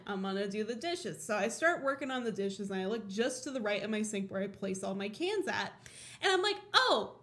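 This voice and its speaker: A woman from Colorado hosting a podcast, telling a rambling everyday story in a casual, animated way, laughing often, swearing freely and acting out her own thoughts. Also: on the high side. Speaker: podcast host.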